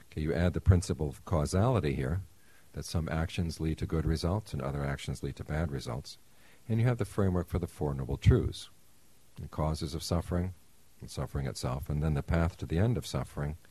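Very deep-voiced man teaching Buddhism. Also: husky. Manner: relaxed, measured explaining with asides and small laughs. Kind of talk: Buddhist lecture.

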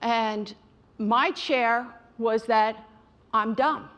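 A woman's voice: a little high, extremely slow, a bit bright, dull audio. A middle-aged woman giving a direct, emphatic motivational talk on mindfulness to an audience she calls you guys. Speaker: mindfulness speaker.

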